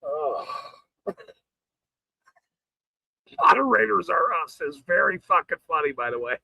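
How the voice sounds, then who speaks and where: A man's voice: fairly high pitch, animated, measured pace, gravelly, no echo, highs cut off. A man hosting a casual livestream, swearing and greeting viewers in chat between bursts of laughter. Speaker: livestream host.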